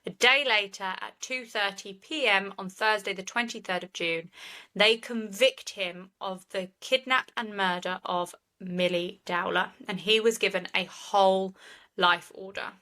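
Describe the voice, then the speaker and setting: A woman's voice: medium pitch, sharp tone, low-quality recording. A woman, co-hosting a podcast and retelling a case in earnest, opinionated chat. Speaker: true crime podcast co-host.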